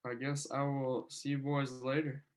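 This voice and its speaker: A young man, a college angler, chatting casually on a podcast over a video call, relaxed and easygoing with "like" fillers. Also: mid-range voice, normal speed. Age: young adult.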